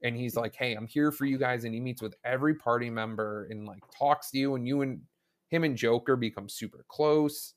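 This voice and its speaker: A man's voice: mid-range voice, steady tone, brisk. Enthusiastic rambling man, podcast guest. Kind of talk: casual podcast chat about a video game.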